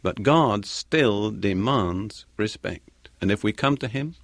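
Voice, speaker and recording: A man preaching a sermon in a measured, deliberate way, repeating key phrases for emphasis. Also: fairly low pitch, animated, no echo.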